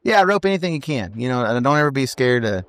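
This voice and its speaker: A man in his thirties, a professional team roper, telling stories in a casual, animated podcast interview and often tacking on "you know what I mean". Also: mid-range voice, quick pace, dry recording.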